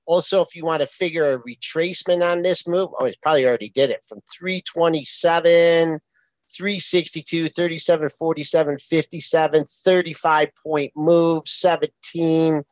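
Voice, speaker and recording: A man's voice: fairly high pitch, fairly even intonation, normal speed, no echo, low-quality recording. A man co-hosting a trading show, a former floor trader who rattles off price levels in a rambling, casual way.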